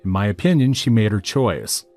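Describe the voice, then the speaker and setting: A man with a fairly low voice narrates a first-person story in scripted form. He reads it steadily and matter-of-factly, keeping an even tone. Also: normal speed, soft background music.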